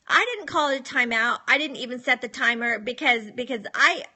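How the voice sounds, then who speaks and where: A woman's voice: fairly high pitch, brisk, bright, forceful tone. A middle-aged woman talking casually on a live stream, giving firm, matter-of-fact parenting advice and acting out what she says to her children.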